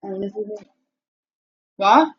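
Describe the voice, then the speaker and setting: A woman, telling a rambling story on a live stream, with many restarts and excited repeats. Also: mid-range voice, slow, slightly rough. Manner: breathless, repetitive, excitable retelling. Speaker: livestreamer. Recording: dull lo-fi livestream audio.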